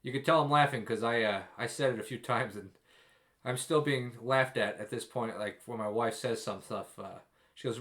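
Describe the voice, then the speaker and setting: A man's voice: mid-range voice, normal speed, a bit bright. A young man vlogging casual advice to expecting fathers, emphatic and jokey with self-deprecating stories.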